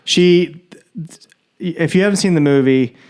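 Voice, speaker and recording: A man's voice: fairly high pitch, darkish tone, clean tone. A man co-hosting a comedy podcast about a horror film, chatting casually and acting out characters' lines in little voices. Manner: laid-back, quick to quote characters in little voices. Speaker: podcast co-host.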